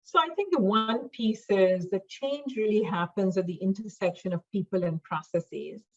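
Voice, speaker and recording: A middle-aged woman guest on a podcast, speaking in a measured way with many fillers. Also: mid-range voice, dull audio. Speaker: podcast guest, diversity expert. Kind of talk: conversational interview.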